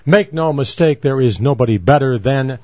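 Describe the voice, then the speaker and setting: A man co-hosts a podcast in loose comic banter, wisecracking and stumbling over quick restarts. His voice sits at an ordinary pitch, recorded close and dry with a slightly dull, muffled top end. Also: expressive, a little mellow, no echo. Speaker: podcast co-host.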